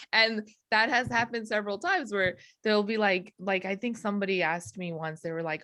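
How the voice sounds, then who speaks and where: A woman comedian talking casually in an interview, animated and rambling, laughing often. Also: mid-range voice, normal speed, hardly any pauses, dry recording. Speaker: comedian guest.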